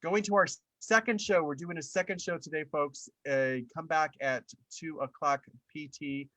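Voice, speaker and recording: A man hosting a live video chat, briskly reading out viewer comments and announcements. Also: a little high, fairly even intonation, pushed and bright, no echo. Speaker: host.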